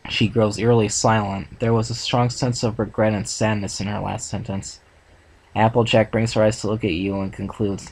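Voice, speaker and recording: A man reading a second-person fan story aloud for a reaction video, steady with small restarts. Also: on the low side, normal speed, gravelly, husky, rough recording. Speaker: fan fiction reader.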